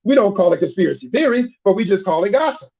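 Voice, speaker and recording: Emphatic middle-aged preacher with a high voice; repeats and restarts in sermon chat, dull lo-fi sound. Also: male voice, very animated, quick pace, creaky, a little mellow. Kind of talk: conversational sermon.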